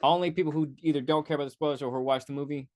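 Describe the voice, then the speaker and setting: A man hosting a podcast, casually reviewing a movie on his own, rambling and correcting himself, with profane asides and quick mock voices. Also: a little high, fairly even intonation, a little mellow. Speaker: podcast host.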